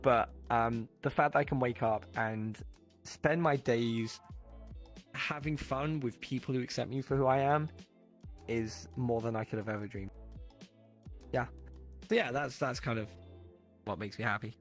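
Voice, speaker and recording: A man talking as a guest on a casual chat stream, stumbling and restarting as he goes. His pitch sits in an ordinary middle range, and faint music plays behind him. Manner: halting, many fillers and restarts.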